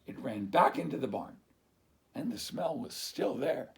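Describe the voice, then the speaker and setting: A man reading a picture book aloud to children, slow and expressive, as a teacher. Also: medium pitch, creaky, a little hiss or hum.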